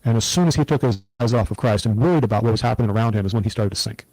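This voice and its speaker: A middle-aged man speaks in an earnest, reflective way, recounting hard times as an interview guest. His voice is dark and mellow, recorded close and dry with no room sound. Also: on the low side, racing, dry recording, poor audio. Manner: earnest, reflective, steady storytelling. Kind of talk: personal testimony in an interview.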